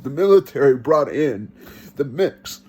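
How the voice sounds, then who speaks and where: A man giving an earnest first-person testimony, telling it slowly and reenacting his own pleas. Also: medium pitch, expressive, mellow, slightly rough. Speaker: vlogger.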